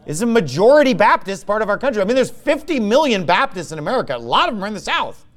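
Male pastor, high voice, combative and mocking sermon delivery. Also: quick pace. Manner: lively, swings between loud and quiet.

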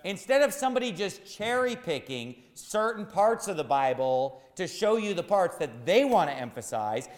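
A man's voice: sits high, very animated, normal speed, hardly any pauses, in a large hall. A man preaching a sermon as pastor, emphatic and repeating key phrases for stress.

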